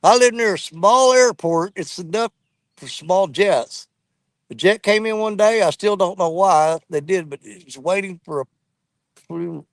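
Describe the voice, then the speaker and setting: A man hosting a fishing stream from a riverbank, talking in a folksy, blunt way and quick to get worked up. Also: high voice, animated, no room sound. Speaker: fishing channel host. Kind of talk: casual outdoor storytelling. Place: riverbank outdoors.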